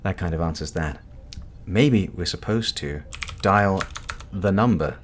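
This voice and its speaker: A man's voice: low-pitched, a little slow, slight background noise. A man hosting a live text adventure stream, swearing and laughing often as he talks. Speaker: streamer host. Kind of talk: live game-play commentary.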